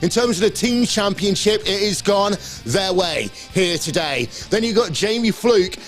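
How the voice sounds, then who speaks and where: A man with a high voice hosts an esports broadcast, running through the results in an energetic and chatty way. Faint music plays underneath him. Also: a little slow. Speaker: broadcast presenter. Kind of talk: live esports broadcast presenting.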